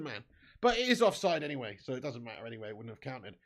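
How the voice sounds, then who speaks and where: A man's voice: mid-range voice, big pitch swings, fast talker. A man hosting a live football watch-along, chatting casually with viewers and calling them mate and lad. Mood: angry. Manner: erupts into angry shouting at the match.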